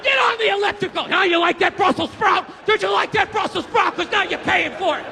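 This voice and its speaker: A man's voice: very high voice, a little fast, vocal fry, bright, forceful tone, a faint crowd, pitched above the performer's own voice, full character voice. A man voicing a bossy male personal chef who barks orders at someone. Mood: bossy, yelling. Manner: barking orders. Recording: echoey hall with faint noise.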